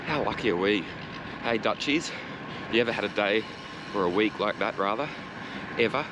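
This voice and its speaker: A man's voice: lowish voice, moderate pace. An Australian man vlogging while cycling city streets, chatting casually with sarcastic, sweary asides. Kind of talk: casual ranting commentary while riding. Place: outdoors on a city street, riding a bike. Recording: street and traffic noise behind.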